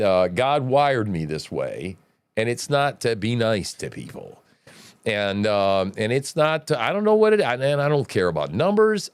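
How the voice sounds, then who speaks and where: Male livestream host, combative preacher-style commentator, swears freely, pitch swings widely, dry close sound. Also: smooth, dry recording. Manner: blunt, profane, preachy rants; jumps between mocking quotes and lectures. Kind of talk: combative political and religious commentary.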